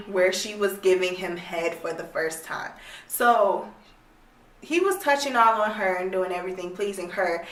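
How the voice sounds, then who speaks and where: A woman's voice: mid-range voice, expressive, moderate pace, a bit bright, a little hiss or hum. Young woman, casual rant review, blunt and exasperated, swears, echoey room, distant mic. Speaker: book reviewer.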